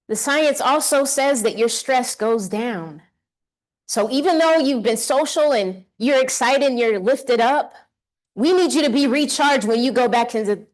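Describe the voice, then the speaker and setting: A woman giving an energetic motivational keynote on a conference stage, leading the audience in call-and-response. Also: mid-range voice. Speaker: keynote speaker.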